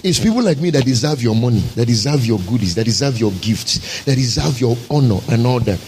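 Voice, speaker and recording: A man's voice: mid-range voice, animated, brisk, darkish tone, slight background noise, poor audio. A man pastor, preaching a sermon with emphatic, rhetorical repetition.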